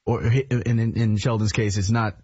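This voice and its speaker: A male stage actor with a fairly low voice, speaking earnestly and with some hesitation. The sound is dry and dull, like lo-fi broadcast audio. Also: steady tone, normal speed, a little mellow, breathy edge, no echo. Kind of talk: radio interview. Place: radio studio.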